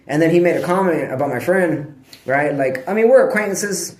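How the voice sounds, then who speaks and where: A man talks straight to camera in a loose, digressive monologue, full of slang and swearing. His voice sits a little high for a man. The sound bounces around a bare, echoey room. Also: lively intonation, normal speed. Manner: profane, slangy, digressive, breaks off to scold his dog. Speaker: vlogger. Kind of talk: rambling casual monologue.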